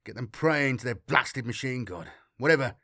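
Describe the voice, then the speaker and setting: A man's voice: mid-range voice, expressive, normal speed, gravelly, bright, forceful tone, dry recording, clean studio sound, full character voice. A man voicing a shaken male starship captain who gives clipped, commanding orders.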